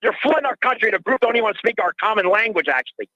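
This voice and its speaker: A man's voice: high voice, animated, quick pace, bright, forceful tone, no room sound. An older man calling in to a radio show, ranting in an agitated way and repeating himself, heard through dull lo-fi call audio. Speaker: caller.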